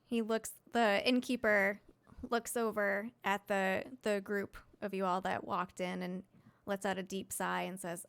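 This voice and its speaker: A woman's voice: mid-range voice, flat delivery, unhurried, creaky, a bit bright, clear, resonant tone. A woman narrating a tabletop game as dungeon master, casual and laughing often.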